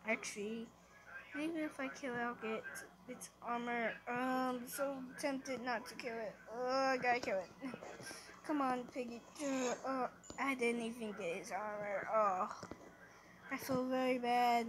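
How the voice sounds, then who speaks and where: A young woman narrates her game in a relaxed, unhurried way, chatting to the creatures on screen and getting flustered easily. Her voice sits a little high. Steady background noise runs under the home recording. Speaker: gamer. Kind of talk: casual gameplay commentary.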